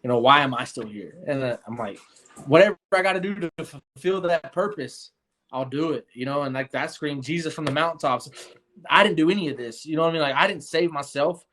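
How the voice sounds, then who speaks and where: A man's voice: a little high, brisk, fairly bright tone. Earnest rambling man telling his story. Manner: rambling, earnest, many fillers and restarts. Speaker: guest. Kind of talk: casual storytelling interview.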